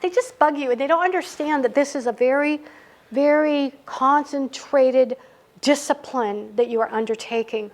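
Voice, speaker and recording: A middle-aged woman with a high voice leads a writing workshop, talking casually and telling stories that make her laugh. Her delivery is chatty and informal, and it is recorded in a library meeting room. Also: moderate pace, a little mellow.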